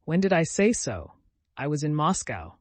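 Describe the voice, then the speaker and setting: A man's voice: on the high side, big pitch swings, normal speed, dry recording. A male narrator voicing a tormented, irritable young man who speaks sharply and angrily. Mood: agitated. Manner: sharp, angry outbursts.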